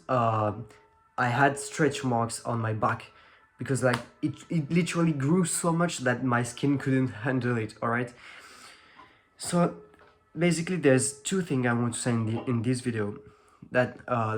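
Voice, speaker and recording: A teenage French guy talks to the camera in English with a clear French accent, his voice at an ordinary middle pitch. He rambles loosely, stacking fillers and restarting his sentences as he goes. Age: teens. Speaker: fitness vlogger. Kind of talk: casual talk to camera.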